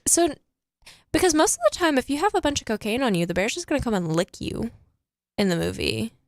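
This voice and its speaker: A woman's voice: on the high side, lively intonation, a little fast, no room sound, clean studio sound. A teenage girl chatting casually about a movie she loved, laughing often and saying "like" constantly.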